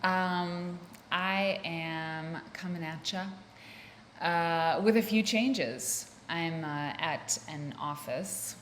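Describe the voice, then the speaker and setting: With a fairly low pitch and drawn-out words, an American woman hosts a relaxed solo podcast from an office, chatty, rambling and self-interrupting. A little hiss or hum sits under the roomy, echoey recording with faint ambience.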